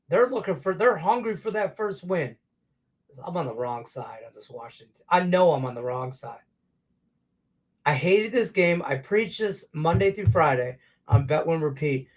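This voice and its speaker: Profane, excitable betting show host. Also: male voice. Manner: profane, excitable, rants then mutters low. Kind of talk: live betting commentary.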